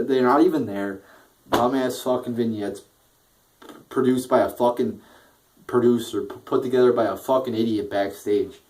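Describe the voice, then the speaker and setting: A man's voice: medium pitch, darkish tone. A young man giving a casual, profane rant reviewing a wrestling show, often restarting his sentences and getting worked up. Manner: profane, frustrated ranting with frequent restarts.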